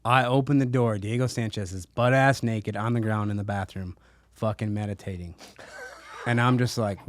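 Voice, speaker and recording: A man's voice: fairly low pitch, fairly even intonation, moderate pace, slight background noise. A man, a professional fighter, telling a story in a laid-back, swearing way as a podcast guest. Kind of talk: casual interview.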